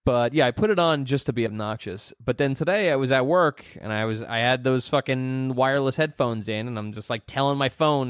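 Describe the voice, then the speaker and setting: A young man co-hosting a comedy podcast, sarcastic and self-deprecating, with bursts of disbelief. His voice is middle-pitched and recorded close and dry, with no room sound at all. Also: a little fast, hardly any pauses, clear, resonant tone, no echo. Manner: self-mocking, incredulous, profane. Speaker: podcast co-host. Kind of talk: casual comedic chat.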